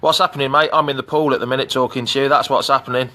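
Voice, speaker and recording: Speaking at a racing pace, a middle-aged man with an English Midlands accent runs a casual live stream for his fan channel from an outdoor pool, calling out viewers by name. He's recorded on a phone camera, and his mid-range voice holds a steady tone that sounds pushed and bright.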